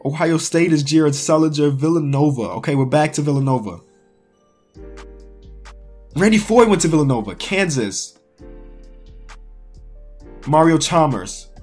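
Slightly high-voiced and a little slow with long pauses, this Chicago-area sports YouTuber mutters to himself through a sports quiz. He's excitable and casual, crying out in frustration as faint music plays.

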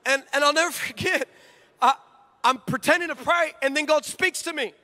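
High, bright-voiced male preacher. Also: moderate pace. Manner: animated, joking, acts out dialogue. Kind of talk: comic storytelling sermon. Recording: long hall reverb.

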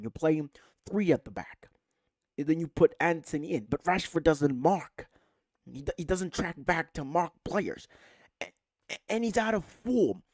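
A man's voice: on the high side, dry recording, studio quality. A man hosting a football fan channel, delivering an angry, profane rant straight to camera. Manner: furious, profane, animated ranting.

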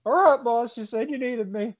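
A man voicing an eager young male part-timer with a craving for fire, giggly and excited, in a slightly muffled recording. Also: very high-pitched, normal speed, a crowd in the background, pitched above the performer's own voice. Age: young adult.

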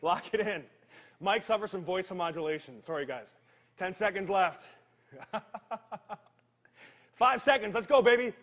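This male fitness trainer's voice sits high, and he takes his time, leaving long pauses. He runs a live workout with plenty of energy and jokes, counting reps down as he strains through each move alongside everyone.

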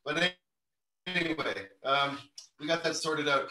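A man's voice: a little high, measured pace, bright, forceful tone, roomy sound, distant mic, rough recording. A man cooking in his home kitchen, joking and chatting as he demonstrates a recipe over a video call. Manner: joking, chatty, laughs at his own jokes. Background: music playing.

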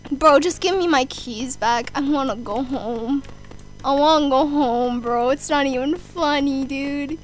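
A young woman commenting on a horror game, easily scared, swearing, shouting and joking at the screen. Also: sits high, unhurried, soft background music. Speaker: gamer.

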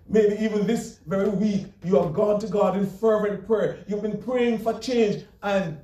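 A man delivering an earnest, emphatic sermon as a pastor, now and then chuckling softly between his points. His voice sits high yet sounds mellow and warm. It is heard from some distance in a roomy, echoing church. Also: measured pace, hardly any pauses. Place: church sanctuary. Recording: echoey church room, mic far off.

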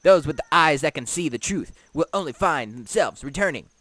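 A man voicing a male gatekeeper, reading game text in a brisk, bossy tone close to his own voice. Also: on the high side, lively intonation, a bit bright, dry recording.

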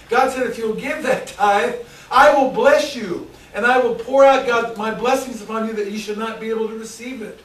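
A man with a Texan accent preaching a sermon as pastor, swinging between loud shouted bursts and hushed asides. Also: sits high. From Texas. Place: church sanctuary. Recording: echoey church room from far off.

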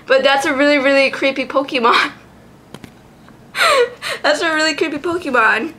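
High, bright-voiced giggly woman vlogger. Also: quick pace, a little hiss or hum. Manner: giggly, excitable, swears freely. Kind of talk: casual chat.

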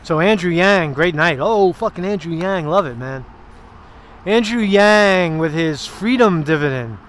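High-pitched male vlogger, walking-and-talking political rant outdoors, loose and profane. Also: animated, measured pace, fairly bright tone, a little hiss or hum. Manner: rambling, profane, sarcastic asides. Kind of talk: casual political commentary.

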